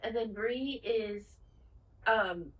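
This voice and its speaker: A woman co-hosting a podcast in casual chat, retelling a TV finale with lively acted-out lines and plenty of swearing. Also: fairly high pitch, very slow, roomy sound, distant mic, muffled recording. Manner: animated retelling, acts out the characters' lines, swears freely. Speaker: podcast co-host.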